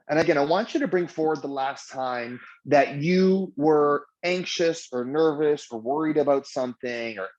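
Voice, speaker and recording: A man leading a mindfulness training session, talking in a relaxed, conversational way with many filler "like"s. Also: fairly high pitch, muffled recording. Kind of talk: guided meditation workshop.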